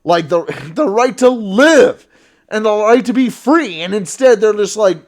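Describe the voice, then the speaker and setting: Man streamer, high-pitched, swearing a lot in heated political rants. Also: animated, measured pace. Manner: profane, heated ranting. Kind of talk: political reaction stream, ranting.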